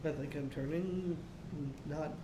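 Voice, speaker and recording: A high-pitched man co-hosting a casual news chat, breaking off from reading articles with offhand swearing. His voice echoes around the room. A faint rumble sits underneath. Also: steady tone, takes it slowly. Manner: profane, offhand, reads in a mock posh voice. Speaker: co-host.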